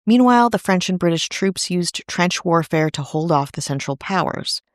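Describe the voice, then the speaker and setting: A woman's voice: fairly low pitch, lively intonation, normal speed, dry recording. Woman host, scripted history narration, wry asides, dry close mic. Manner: wry asides in a serious telling. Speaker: podcast host.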